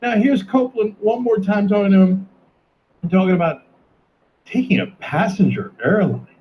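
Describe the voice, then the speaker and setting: A man hosting a video commentary, talking in a sarcastic, mocking way and sometimes breaking into shouts. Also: high voice, normal speed. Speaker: commentary host. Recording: dull lo-fi sound with faint noise.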